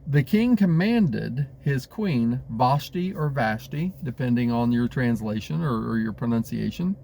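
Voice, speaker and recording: A man's voice: mid-range voice, expressive, a little slow, creaky, warm tone, slight background noise. A man who leads a congregation, teaching a Bible study in a conversational way with frequent fillers and restarts. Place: Pennsylvania.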